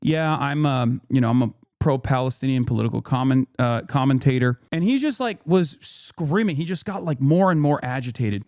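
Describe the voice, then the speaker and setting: A man's voice: mid-range voice, darkish tone, dry recording, studio quality. A man in his thirties streaming a profane, angry rant, retelling a run-in and quoting people in raised voices. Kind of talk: profane ranting commentary.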